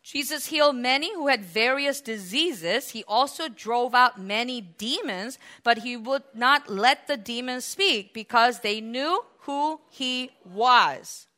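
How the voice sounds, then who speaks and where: A woman preaching a sermon, animated, acting out the voices of the people in her story. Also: a little high, slow pace, hardly any pauses. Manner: animated, acts out voices of biblical figures.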